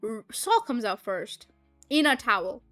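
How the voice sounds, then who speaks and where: Here the same young streamer and voice actor tells a story in relaxed conversation, full of laughter and loose swearing. She speaks at a measured pace in a fairly high pitch; the recording has no room sound, just gentle background music.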